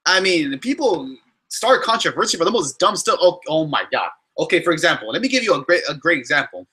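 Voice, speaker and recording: A young man hosting a casual question-and-answer vlog, talking in an animated, exasperated way with many restarts and fillers. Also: fairly high pitch, a little fast, husky. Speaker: YouTuber answering fan questions.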